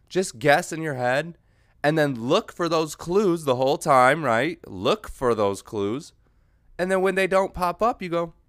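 A man talks his way through a loose comedic monologue, his pitch leaping and dropping as he goes. He breaks into yelled mock voices and stops to find his train of thought. The sound is dry and close to the mic. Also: no echo. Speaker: podcast host. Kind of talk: rambling solo comedic monologue.

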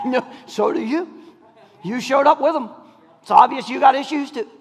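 A man preaching a sermon in a church, calling out to the congregation and swinging between shouts and near whispers. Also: very high voice, moderate pace, breathy edge, in a large hall. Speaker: pastor. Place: church sanctuary.

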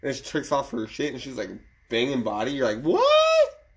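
A man's voice: medium pitch, steady tone, fast talker, slight background noise. A man co-hosting a casual chat show, laid-back, swearing often and laughing a lot.

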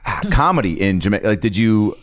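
A man's voice: lowish voice, sing-song, quick pace. A man co-hosting a comedy podcast in casual chat, rambling and restarting his questions. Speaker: podcast co-host.

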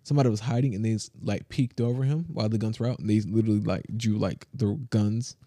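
A man co-hosting a podcast in casual chat, telling stories in an animated, slangy way with lots of fillers, speaking close to the mic. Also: lowish voice, quick pace, dry recording. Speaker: podcast co-host.

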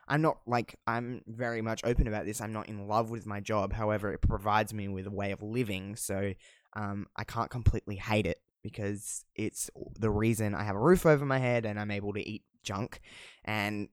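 A young Australian man talks through a relaxed solo podcast, wandering from thought to thought with candid slang and the odd curse. His voice sits on the low side and sounds smooth and clear. The recording is dry and close, with no room sound. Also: no room sound. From South Australia. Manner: rambling and candid, with casual swearing and slang. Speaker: podcast host. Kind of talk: casual solo podcast chat.

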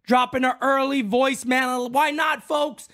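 A young man hosting a loud, excitable live reaction stream, shouting out names from the chat. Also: extremely high pitch, a little slow.

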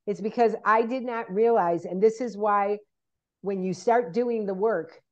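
A woman with a mid-range voice tells stories in casual conversation, speaking at a measured pace. She's an animated storyteller who acts out what people said to her, and the recording sounds muffled.

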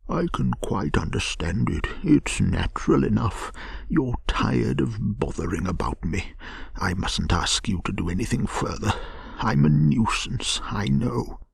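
A man voicing a languid, self-pitying male toad who pretends to be gravely ill, in a gentle bedtime storybook reading. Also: lowish voice, animated, a little slow, no room sound, voice pushed up, exaggerated voice. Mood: feebly self-pitying. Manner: feeble, sighing, melodramatic.

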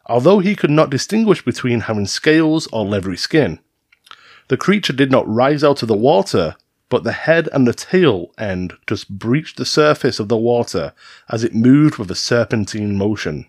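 A man's voice: medium pitch, big pitch swings, normal speed, a little mellow, husky, dry recording, studio quality. A man hosting a podcast, reading urban legends from a script in a teasing, storytelling manner. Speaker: podcast host. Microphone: studio mic.

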